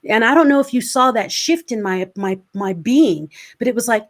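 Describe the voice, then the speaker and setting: A woman's voice: fairly high pitch, expressive, normal speed, few pauses. A woman in her forties, a motivational speaker, telling her personal story in an interview with earnest emotion. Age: 40s. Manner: earnest, emotional, acts out her own past words.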